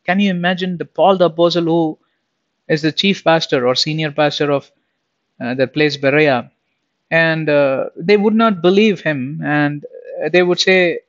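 A young adult man preaching in a chatty, questioning way, often turning to his listeners. His voice sits a little higher than most men's. The recording sounds dull and lo-fi. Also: steady tone, moderate pace. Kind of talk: sermon.

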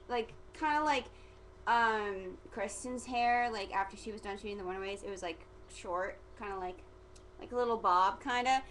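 A woman's voice: medium pitch, a bit bright, a little hiss or hum, rough recording. A teenage girl vlogging casually, rambling and giggly, full of "like" fillers. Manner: chatty and giggly, heavy use of "like" fillers.

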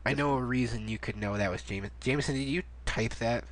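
A man's voice: medium pitch, a little fast. A young man hosting a casual online card game, teasing his friends and laughing as he reads cards aloud. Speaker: channel host. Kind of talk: casual gaming chat.

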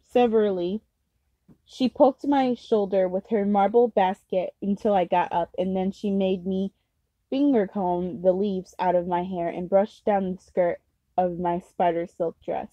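A woman's voice: mid-range voice, steady tone, measured pace, no room sound, lo-fi sound. A woman reading a novel aloud casually as an amateur reader, unpolished with slips and restarts.

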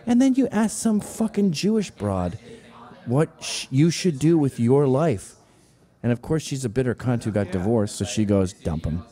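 Very dark-voiced man ranting sarcastically. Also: mid-range voice, very animated, normal speed. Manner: profane, sarcastic, acts out quoted voices. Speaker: show host. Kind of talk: comedic monologue rant.

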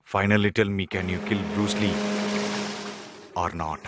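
A man's voice: low voice, fairly even intonation, measured pace, heavy background noise. A man dubbing a scheming older male politician in a movie, speaking menacingly over film music. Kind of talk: movie dub. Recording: film soundtrack with loud music.

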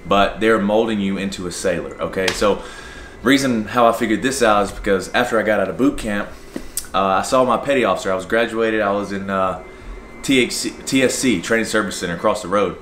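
Young man telling an animated story, low voice. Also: a little fast, a little hiss or hum. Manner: animated, acts out shouted commands mid-story; talks straight to viewers with repeated "okay?". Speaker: vlogger and Navy sailor. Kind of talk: casual storytelling to camera.

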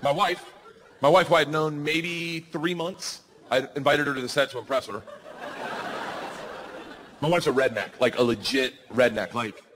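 A male comedian telling a wild story on stage, loud and animated, breaking into shouts. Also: on the high side, normal speed, pauses often, noisy background.

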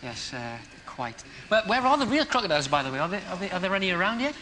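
A man's voice: high voice, sing-song, rapid-fire, bright, forceful tone, a little hiss or hum. A man presenting comic sketches on TV, flustered and jokey.

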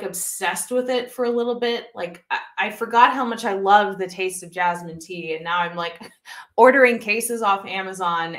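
At home by her desktop computer, a young woman hosts a casual YouTube live stream, reading the chat aloud. Her mid-range voice is fairly bright, and she talks upbeat with lots of fillers.

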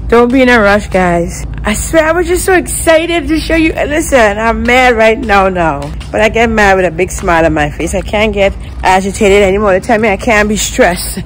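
A woman vlogger chatting casually and excitedly straight to her viewers. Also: fairly high pitch, slight background noise, poor audio. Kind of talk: casual vlog chat to viewers.

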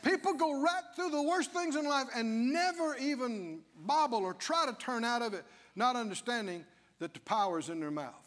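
A pastor preaching a lively sermon, mimicking whiny prayers and laughing along with the congregation. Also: male voice, very high-pitched, normal speed, in a large hall. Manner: animated preaching, acts out whining prayers, laughs often. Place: church sanctuary.

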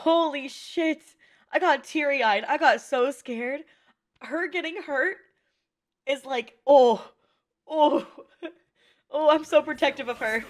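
A woman reacting to an anime movie in casual, excitable commentary, swearing and laughing often. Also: high voice, takes it slowly, pauses often.

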